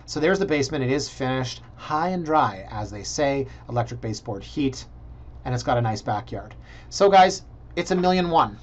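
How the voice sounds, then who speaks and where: A man's voice: on the high side, a little hiss or hum. A man, a realtor chatting casually through property listings and thinking aloud with joking asides. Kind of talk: casual screen-share vlog commentary. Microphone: computer mic.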